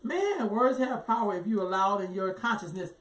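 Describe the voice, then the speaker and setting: Animated middle-aged woman, roomy distant sound. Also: medium pitch, a little fast. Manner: animated storytelling with acted-out quotes. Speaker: co-host. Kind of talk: casual chat. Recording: echoey room, distant mic.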